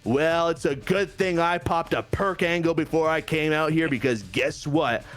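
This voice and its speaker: A man's voice: a little high, moderate pace, fairly bright tone, soft background music, voice pushed up, lightly acted. A man putting on the voice of a boastful, confident male wrestler cutting a taunting promo.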